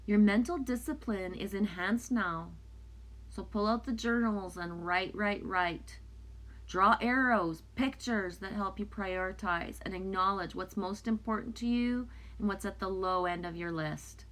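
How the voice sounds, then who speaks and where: A woman's voice: medium pitch, measured pace, fairly bright tone. A woman whose first language is French, casually chatting with viewers and reading oracle cards aloud in a live stream. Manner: chatty, loose, talks back to viewers' comments. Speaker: oracle card reader.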